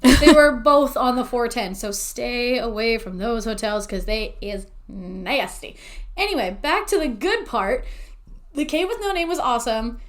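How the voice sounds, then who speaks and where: A woman co-hosting a podcast in casual chat, excitable, swearing freely and laughing often. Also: on the high side, a little slow. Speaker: podcast co-host.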